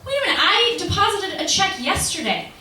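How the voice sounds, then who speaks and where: A woman's voice: extremely high pitch, big pitch swings, brisk, sharp tone. A young woman doing a chatty, self-deprecating stand-up set in a small comedy club, with the audience laughing. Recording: echoey club from far off, audience noise.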